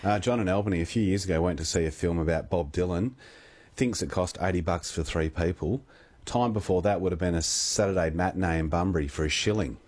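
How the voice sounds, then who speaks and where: Deep husky Australian radio host. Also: male voice, fairly quick. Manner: relaxed, chatty, laughs easily. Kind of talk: talkback radio chat.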